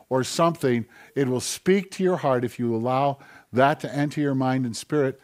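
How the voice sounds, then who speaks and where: A male pastor preaching a conversational sermon in a church, building up to forceful questions. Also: a little high.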